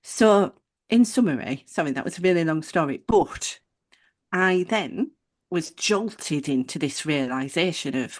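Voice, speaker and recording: A woman co-hosting a podcast, telling a personal story in a casual, animated way and acting out the people she quotes. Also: sits low, normal speed. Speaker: podcast co-host.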